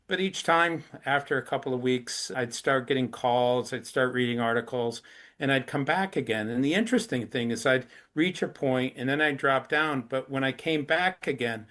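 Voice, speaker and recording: A man's voice: medium pitch, moderate pace, fairly bright tone. A middle-aged man being interviewed, earnestly explaining hard subjects through step-by-step examples. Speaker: anti-trafficking activist, interview guest. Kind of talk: conversational interview.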